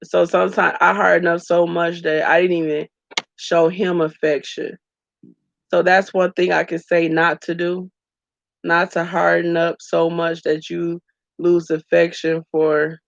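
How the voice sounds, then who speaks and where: Tearful woman vlogger with a gravelly voice. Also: lowish voice, level tone, slow, dry recording, dull audio. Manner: candid, emotional, addresses viewers as y'all. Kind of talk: emotional personal vlog.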